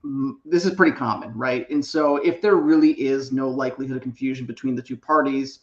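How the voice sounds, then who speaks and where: A man's voice: mid-range voice, brisk. A man co-hosting a live legal show, who explains trademark steps and keeps checking with "right?". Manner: explanatory, tags sentences with "right?". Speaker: trademark attorney co-host. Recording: echoey, dull remote mic.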